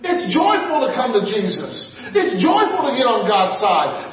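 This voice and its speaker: High-pitched guy preaching, laughing and shouting, heard from far off in an echoey church. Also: sing-song, unhurried, a crowd in the background. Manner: call-and-response preaching, laughing, rising to shouts. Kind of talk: sermon. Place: large church hall. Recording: echoey hall from far off, dull sound.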